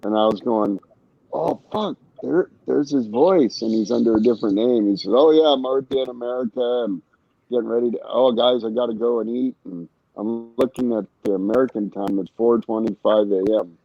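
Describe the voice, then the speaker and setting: A man's voice: medium pitch, a little fast, dry recording, dull audio. A man rambling casually and cursing a lot while chatting on an online stream. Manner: rambling, profane, laid-back. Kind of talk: casual chat.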